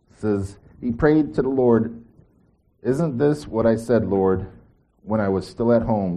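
A man's voice: fairly low pitch, dark tone. A man preaching a sermon, telling a story with quoted voices and asking the congregation questions.

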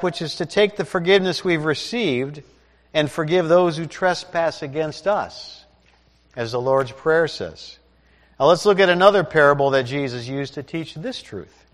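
A man preaching a sermon, reading scripture aloud and explaining it in a conversational way. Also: a little high. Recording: long hall reverb.

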